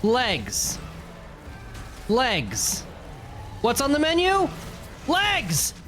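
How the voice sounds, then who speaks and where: A man streaming a video game live, giving excitable commentary and yelling at the monsters he fights. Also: extremely high pitch, takes it slowly, faint music behind.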